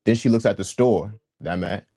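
Deep-voiced young man telling his story. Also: brisk, breathy edge, dry recording, studio quality. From Washington, D.C. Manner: earnest and animated, with street slang and frequent restarts. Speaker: guest sharing his testimony. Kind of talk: candid personal storytelling.

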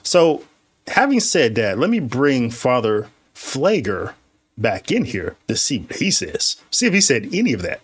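A man's voice: mid-range voice, big pitch swings, breathy edge, no room sound. Man reading liturgy with dry commentary. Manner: reads liturgy slowly and deliberately, then comments casually. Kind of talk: critical commentary reading a liturgical text aloud.

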